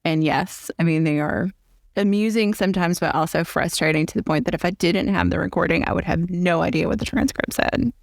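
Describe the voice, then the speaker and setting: Southern lady hosting a chatty podcast, kinda gravelly voice, thinks out loud. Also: fairly low pitch, brisk, dry recording, clean studio sound. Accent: Southern American. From American South. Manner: chatty, thinks aloud with restarts. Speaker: podcast host. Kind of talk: casual interview chat.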